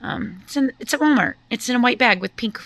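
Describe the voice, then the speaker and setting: A woman in her fifties vlogging about her day in a casual, chatty, animated way. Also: a little high, brisk, dry recording. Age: 50s.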